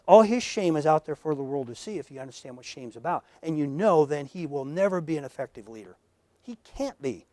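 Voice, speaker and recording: A man lectures to a live audience in a room, talking plainly and earnestly. He tells personal stories and swings from near-whispers to loud punchlines, in a voice a little higher than most men's. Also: no echo. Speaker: lecturer at professional workshop. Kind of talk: conversational lecture.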